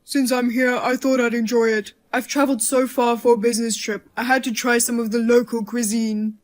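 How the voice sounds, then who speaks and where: A woman's voice: on the high side, little pitch movement, brisk, close to an everyday voice. A woman voicing a nervous, defensive husband caught cheating, in a dubbed drama. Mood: evasive.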